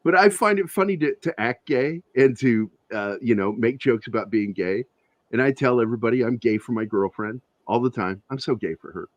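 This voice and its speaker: A man who is a guest on an interview show, telling profane, animated anecdotes with a lot of laughter in casual conversation. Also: mid-range voice, brisk, no echo. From Virginia, USA. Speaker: interview guest, comic creator. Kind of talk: casual storytelling.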